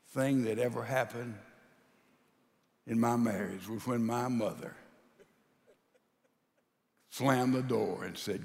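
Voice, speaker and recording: A man preaching a sermon, telling a story as he goes, his voice swinging from loud to hushed. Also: medium pitch, creaky. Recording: long hall reverb.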